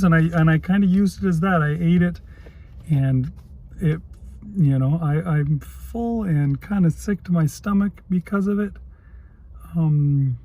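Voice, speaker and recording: A man talking casually to camera in his video diary, in a voice sitting a little high. He is candid and self-deprecating and chuckles often. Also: darkish tone. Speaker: vlogger.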